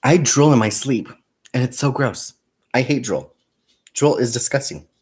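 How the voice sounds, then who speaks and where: A little slow and a little mellow, this young man's mid-range voice carries a casual crafting livestream. He crochets while counting stitches aloud, laughs often through his stories, and addresses viewers as "you guys" and "y'all."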